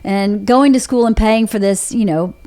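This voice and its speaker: A woman's voice: mid-range voice, moderate pace, mellow. A woman from Georgia with a Southern accent, hosting a podcast and telling her own story in a candid, rambling way, with restarts. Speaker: podcast host. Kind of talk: casual chat.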